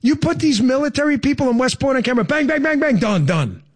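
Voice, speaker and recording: A man hosting a political talk show from his studio, his voice sitting high for a man. He talks with emphatic, fired-up energy, punching words in loud bursts before sinking into low asides. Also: lively intonation, quick pace, breathy edge. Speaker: radio and podcast host. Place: studio with a co-host.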